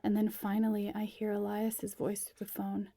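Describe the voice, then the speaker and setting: A woman reading a first-person story aloud in a quiet, intimate way, sometimes dropping to a breathy whisper. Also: mid-range voice, monotone, moderate pace, no echo. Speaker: narrator.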